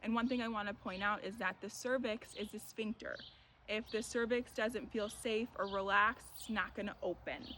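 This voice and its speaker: An earnest young woman recounts her labor in an unhurried, reflective way, leaning on "you know" as she gathers her thoughts. Her voice sits at an ordinary middle pitch. A steady hiss of background noise runs under the recording. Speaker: mother sharing her birth story. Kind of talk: casual personal storytelling.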